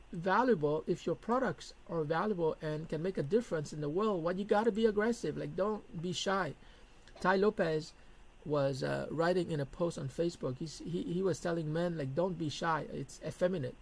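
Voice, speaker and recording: A middle-aged man with a high-sitting voice lectures to camera on business, blunt and emphatic, hammering his key points through repetition. The audio quality is poor.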